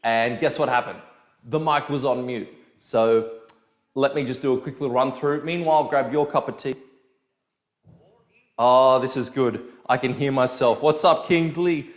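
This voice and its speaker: A man's voice: mid-range voice, measured pace, reverberant. A man who coaches dance, talking casually to viewers and telling stories with quoted dialogue. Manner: chatty, animated storytelling with quoted dialogue. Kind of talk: casual video lesson.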